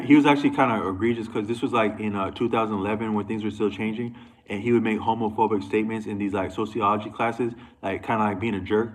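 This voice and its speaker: A man's voice: fairly low pitch, steady tone, fast talker, low-quality recording. A man talking to camera in a loose, rambling monologue, restarting sentences and going off on asides. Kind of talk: casual monologue.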